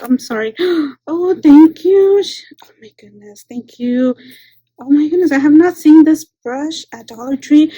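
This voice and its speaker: A woman hosting a craft channel, chatting casually as she unboxes a swap package, gushing, thanking the sender again and again, and rambling with restarts. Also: sits high. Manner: gushing, repeats exclamations, thanks the sender often; rambling with restarts, swinging between loud and soft.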